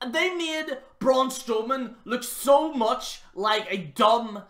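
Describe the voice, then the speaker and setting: A man with a very high-pitched, fairly bright voice hosts his channel, speaking slowly but animatedly. He rambles through a mocking review of a wrestling show, swearing freely in a casual, profane rant.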